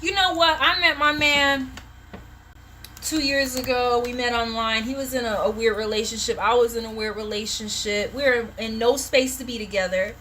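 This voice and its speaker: A woman's voice: a little high, moderate pace, sharp tone, slight background noise. A woman giving a live-streamed tarot reading, passionate, blunt and full of profanity. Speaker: tarot reader.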